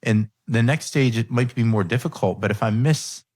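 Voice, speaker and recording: A man's voice: mid-range voice, normal speed, darkish tone, no room sound, studio quality. A man hosting a coaching podcast, telling a personal story in a candid, reflective way. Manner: candid, reflective, quotes his own thoughts. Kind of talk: earnest conversational storytelling.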